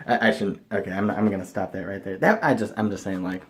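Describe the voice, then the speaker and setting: Young male vlogger, excitable and rambling, loud bursts then mumbles. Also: sits low, fast. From Chicago area, USA. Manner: excitable, rambling, jumps between loud enthusiasm and mumbling asides. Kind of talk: rambling casual vlog monologue.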